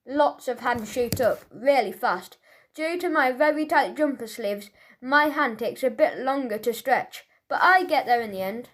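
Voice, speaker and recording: A woman reads a children's audiobook aloud, speaking as a schoolboy in a chatty, first-person way. Her voice sits high and bright. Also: unhurried. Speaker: audiobook narrator.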